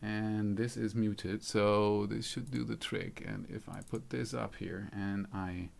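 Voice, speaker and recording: A man with a light German accent hosts a casual live stream and greets viewers by reading out their comments. His low voice has a gravelly fry, and he talks his way through each fix to his stream settings. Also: fairly even intonation, slow. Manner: thinks aloud while fiddling with stream settings; friendly, reads out viewers' comments. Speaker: YouTube channel host.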